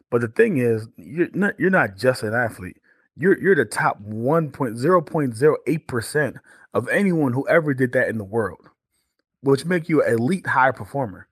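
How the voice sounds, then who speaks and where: A man in his forties, a guest on a podcast, telling stories in an animated way with many restarts and fillers. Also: mid-range voice, moderate pace, husky, no echo, studio quality. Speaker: guest, former pro football player turned entrepreneur. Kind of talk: storytelling podcast interview.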